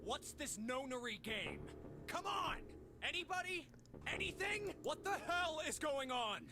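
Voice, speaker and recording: A man voicing a frantic, bewildered young man while reading a game on stream, with animated, pleading questions. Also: mid-range voice, fast talker, over music, close to an everyday voice.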